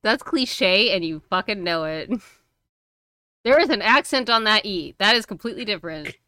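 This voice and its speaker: A woman's voice: mid-range voice, lively intonation, moderate pace, bright, forceful tone, clear, resonant tone, no echo. A woman co-hosting a casual podcast, chatty and blunt, laughing easily and swearing. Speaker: co-host and streamer.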